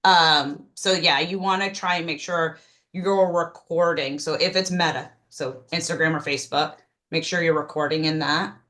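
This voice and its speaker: A woman coaching a team on a video call, energetic, with frequent "um"s and restarts. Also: low voice, moderate pace. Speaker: team trainer leading a call. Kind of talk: casual group video call.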